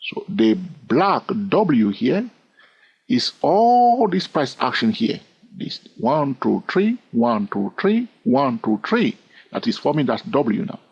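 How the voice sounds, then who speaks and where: A man's voice: medium pitch, big pitch swings, slow pace, a little mellow, husky. Chatty accented man teaching charts. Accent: non-native English. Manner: chatty, teasing, checks in with "all right?". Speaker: trading educator. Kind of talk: screen-recorded chart lesson. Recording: dull lo-fi sound.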